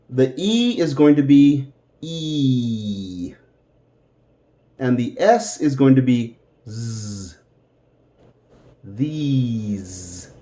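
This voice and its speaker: A man teaching an English lesson, slowly repeating words for pronunciation and adding Spanish translations. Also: medium pitch, mellow. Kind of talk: slow, deliberate English lesson.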